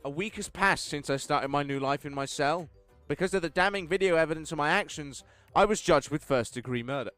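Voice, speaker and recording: A man reading a text game aloud with wry commentary, swinging between deadpan narration and outbursts. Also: fairly high pitch, a little fast, no room sound, faint music behind. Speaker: game streamer.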